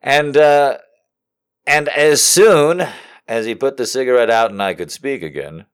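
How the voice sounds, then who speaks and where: A man's voice: mid-range voice, measured pace, smooth. A man telling a comic story in a profane, self-mocking way. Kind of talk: comedic storytelling.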